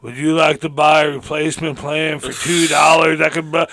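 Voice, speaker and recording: A podcast co-host with a bright, ringing voice, animated in casual chat and quick to break into laughter. He acts out little scenes with store clerks as he tells his stories. The recording is dry and close, with almost no room sound. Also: on the high side, vocal fry, dry recording.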